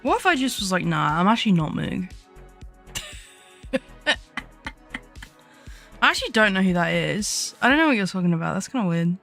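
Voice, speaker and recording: A woman's voice: mid-range voice, very animated, fairly quick, gravelly, long pauses, a bit bright, faint music behind. A young woman streaming as a VTuber, chatting casually while she draws, giggling often, swearing freely and poking fun at herself. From United Kingdom.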